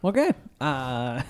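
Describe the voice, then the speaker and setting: A man's voice: high voice, dark tone. A man co-hosting a comedy podcast, chatting casually with a dry, sarcastic humor. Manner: sarcastic, joking. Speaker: podcast co-host.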